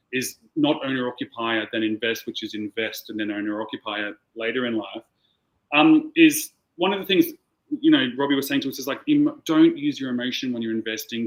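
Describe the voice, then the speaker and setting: A man's voice: medium pitch, low-quality recording. An Australian man chatting as a guest on a video call, telling a rambling story with plenty of swearing. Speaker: client guest. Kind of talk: casual chat.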